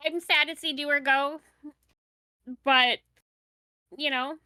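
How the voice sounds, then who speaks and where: A woman chats about sports on a podcast panel in an easygoing way. Her voice is bright and a little high. The sound is dry and close. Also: steady tone, takes it slowly, no room sound, rough recording. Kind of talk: casual sports chat.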